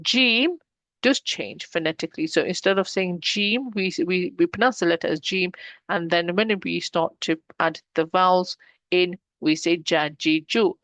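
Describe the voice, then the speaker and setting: A woman teaching a pronunciation lesson, slowly drilling syllables and explaining patiently. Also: on the low side, fairly bright tone, dry recording. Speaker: Arabic teacher.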